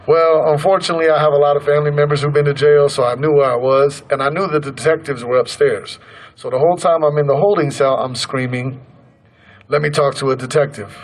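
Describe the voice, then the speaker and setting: A man's voice: mid-range voice, poor audio. A man in his thirties from Colorado, telling his personal story in an earnest, conversational way and acting out the lines of others. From Colorado, USA. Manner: earnest, conversational, acts out quoted dialogue. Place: protest gathering outdoors.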